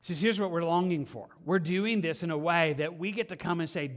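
Earnest male pastor, slightly high voice. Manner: earnest and impassioned, with frequent halting restarts. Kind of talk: verse-by-verse sermon. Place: church stage.

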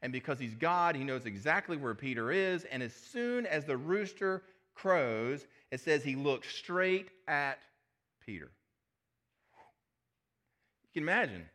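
Animated male pastor telling scripture stories. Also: on the high side, measured pace. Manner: animated storytelling, dramatizing scripture. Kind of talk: sermon.

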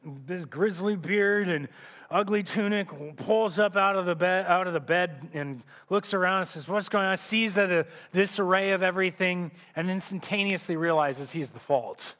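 A male pastor preaches a sermon, retelling a story vividly and sometimes restarting his phrases. His voice sits high for a man. A long church-hall reverb trails behind every line. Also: normal speed, a bit bright. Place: church sanctuary.

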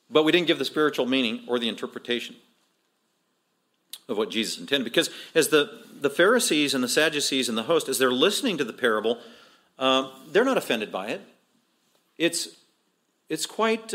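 A man's voice: mid-range voice, a bit bright. A middle-aged male pastor preaching an expository sermon, acting out quoted voices with emphatic rises.

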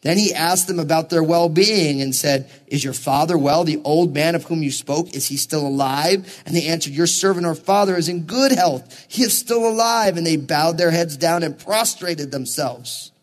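Animated high-voiced male pastor. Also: normal speed, hardly any pauses. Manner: animated preaching, acts out quoted lines. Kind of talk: sermon.

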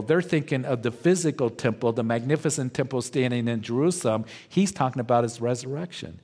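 Brief: male pastor, mid-pitched voice, measured verse-by-verse sermon delivery. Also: darkish tone. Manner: slow, deliberate, verse-by-verse teaching. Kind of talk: expository sermon.

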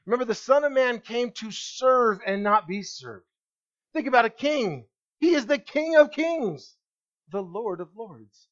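Higher-voiced male pastor preaching. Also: muffled recording. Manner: expressive preaching, slows and drops low on key words. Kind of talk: sermon. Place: church.

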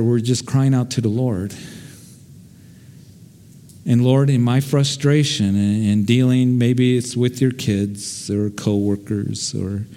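A man's voice: mid-range voice, warm tone. A man, a pastor giving a conversational verse-by-verse sermon that he acts out with quoted voices. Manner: earnest, conversational preaching with dramatic quoted voices.

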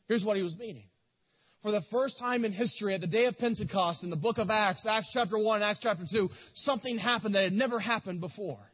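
A man preaching a sermon in a church, impassioned, swinging from loud to soft. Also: high-pitched, fast talker, slightly rough. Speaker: pastor. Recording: long reverb of a church hall.

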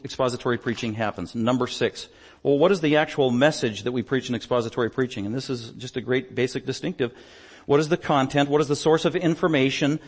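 A man preaching a sermon as pastor, emphatic, swinging between loud declarations and quiet asides. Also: fairly high pitch. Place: church stage.

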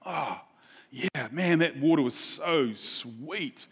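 A man's voice: fairly high pitch, lively intonation, slow, fairly bright tone, breathy edge, long reverb tail, full character voice. A man voicing a thirsty young warrior king who longs for the water of his hometown, in a casual, wistful way.

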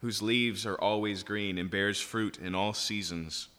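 A man's voice: lowish voice, steady tone, unhurried, sharp tone. Man preaching in an echoing hall. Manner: reads verses aloud, then explains them with rising emphasis. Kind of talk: expository sermon on scripture.

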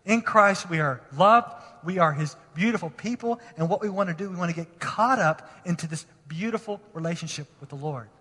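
A man preaching a sermon as pastor in a church, passionate and moving between hushed lines and emphatic ones. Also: high voice, fairly quick, hardly any pauses, breathy edge. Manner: impassioned, swinging from hushed to emphatic. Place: church sanctuary. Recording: long reverb of a large hall.

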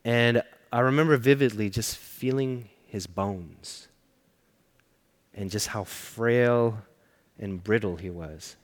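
A man preaching a sermon, telling a personal story earnestly and often dropping to a hushed voice. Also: on the low side, slow. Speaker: pastor. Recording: long reverb of a large hall.

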